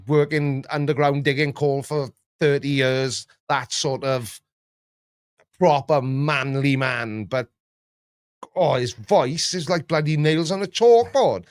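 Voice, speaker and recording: A man hosting a casual chat, rambling and jokey, often jumping up in pitch. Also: slow pace, dry recording. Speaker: YouTube reaction host.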